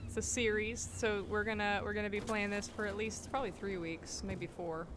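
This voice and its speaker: A woman's voice: mid-range voice, flat delivery, fairly quick, noisy background. A woman streaming a video game, making chatty, joking asides over it. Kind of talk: casual let's-play commentary.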